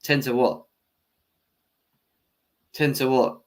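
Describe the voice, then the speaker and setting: Taking it slowly, with a mid-range voice and a steady tone, a young football fan channel host reacts to a match live. He is hot-tempered and swearing as he argues with his chat, though he laughs at his own bias.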